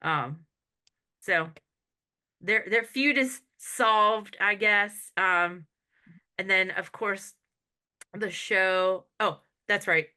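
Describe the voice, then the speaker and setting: A woman co-hosting a podcast, casually recapping a sitcom episode in an animated way and laughing often as she retells scenes. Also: mid-range voice, extremely slow, long pauses. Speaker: podcast co-host.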